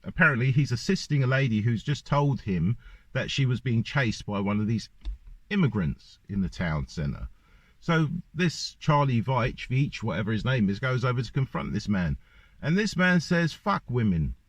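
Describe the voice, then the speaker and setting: A man's voice: mid-range voice, sing-song, normal speed, dry recording. A man ranting in a monologue to camera, firing off one rhetorical question after another. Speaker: vlogger. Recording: dull lo-fi dry recording.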